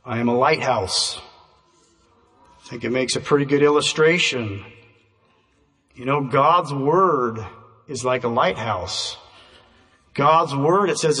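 A man preaching a sermon in a measured, deliberate way, leaning on key words by slowing down. His voice sits a little high for a man. He sounds distant from the mic, with a long reverb trailing his words around the hall. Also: bright, forceful tone. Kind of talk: sermon with an illustration.

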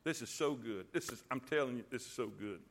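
A man preaching a sermon, calling on the congregation to repeat lines back and building to loud emphasis. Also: mid-range voice, fairly quick, creaky. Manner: call-and-response preaching, rising to loud emphasis. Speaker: pastor.

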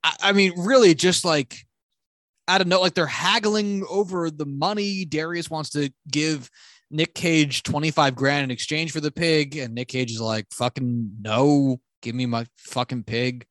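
In a dry recording, a podcast co-host with a fairly high voice speaks at normal speed. He chats casually about a film, rambling, profane and animated as he retells it, in a relaxed movie review conversation.

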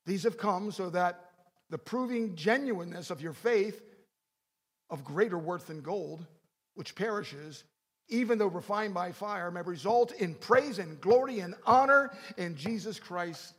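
A man preaching a sermon, animated, acting out prayers and swinging between loud and soft delivery. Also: high voice, unhurried, slightly rough. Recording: long hall reverb.

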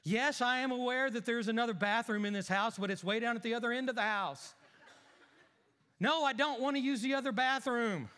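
Grumbling, indignant family dad, high and piercing, a preacher putting him on. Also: male voice, a little fast, pushed and bright, clean tone, big-room sound. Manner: whiny, exasperated ranting. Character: grumpy middle-aged father, whining and complaining. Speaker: one-man skit in a sermon.

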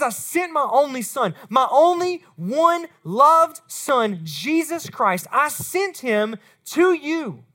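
Lively woman preaching to youth. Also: a little high. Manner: animated, talks straight to the students. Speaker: youth pastor. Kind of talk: sermon to middle school students.

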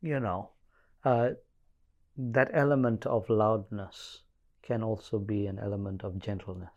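A man co-hosting a Bible-study chat, measured and pausing with hesitant fillers. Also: lowish voice, steady tone, highs cut off. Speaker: co-host.

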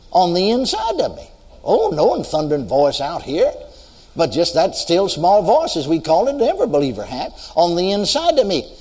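An older American man with a voice that sits high, darkish and slightly rough, preaches a sermon, telling a story and asking the congregation whether they're listening. A long hall reverb surrounds his voice.

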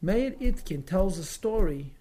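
A man's voice: high-pitched, expressive, a little slow, dark tone. A man teaching through a story, dramatic and emotional, often repeating words and acting out quotes with feeling. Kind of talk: storytelling lesson.

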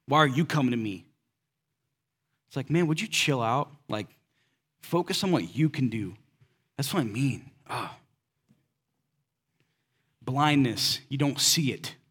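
A man's voice: medium pitch, expressive, slow pace, pauses often, a bit bright, breathy edge. A man preaching a sermon in a casual, conversational way, asking the congregation rhetorical questions and slipping in everyday slang. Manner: casual and direct, slips in slang. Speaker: pastor.

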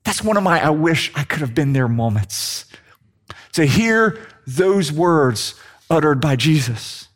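A man preaching a sermon, slowing down and dropping his voice low for emphasis. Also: expressive. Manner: dramatic, slows down and drops low for emphasis.

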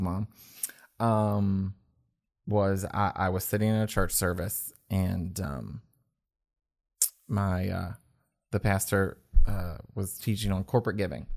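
A man telling his personal faith story in an earnest, halting way, with many restarts. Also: low voice, vocal fry. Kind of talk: personal testimony in conversation. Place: indoors at a table.

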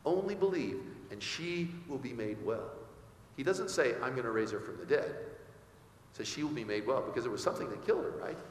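A man's voice: mid-range voice, lively intonation, a little fast, a little hiss or hum. A male pastor preaching a sermon, often asking his congregation rhetorical questions. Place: church sanctuary. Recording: echoey hall with faint ambience.

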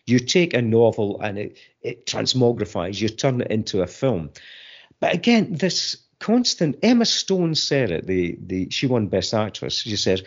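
A middle-aged man in a casual discussion, talking in an animated, digressive way with frequent restarts, on muffled lo-fi audio. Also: mid-range voice, normal speed.

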